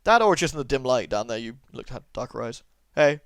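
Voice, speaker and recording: A man's voice: medium pitch, lively intonation, fairly quick, gravelly, clear, resonant tone, dry recording, studio quality. A man commentating a game playthrough, chatty and sarcastic, joking at the characters. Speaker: let's play host. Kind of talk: gameplay commentary.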